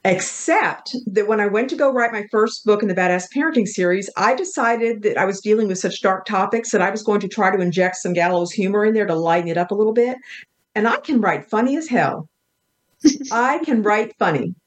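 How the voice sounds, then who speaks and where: A woman's voice: medium pitch, fairly quick. Woman author guest, earnest, reflective, pokes fun at herself. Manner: earnest, reflective, self-deprecating. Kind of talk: casual interview chat.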